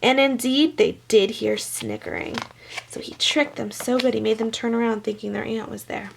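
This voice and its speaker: Woman, storybook read-aloud, fairly high voice, gravelly, chatty asides to kids. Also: sing-song, normal speed, slight background noise. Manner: chatty asides to young listeners. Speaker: children's story reader. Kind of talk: reading a picture book aloud to kids.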